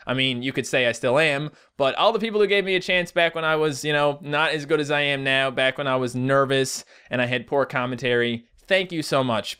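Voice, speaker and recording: A man's voice: mid-range voice, a bit bright, clear, resonant tone. A young man from Newfoundland, a gaming YouTuber, chatting casually and earnestly as he answers viewer comments. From Newfoundland, Canada. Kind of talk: casual comment-reading vlog.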